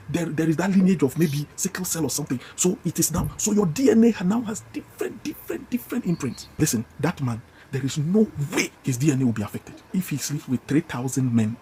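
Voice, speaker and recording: Fast, fiery Ghanaian preacher man. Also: a little high, dark tone, a little hiss or hum. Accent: Ghanaian English. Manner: emphatic, repeats phrases, scolds listeners directly. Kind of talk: fiery sermon.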